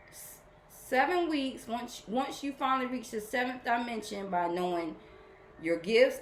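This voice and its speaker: A woman hosting a spiritual program, talking casually and warmly to her followers, often repeating herself as she rambles. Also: a little high, roomy sound, a little hiss or hum.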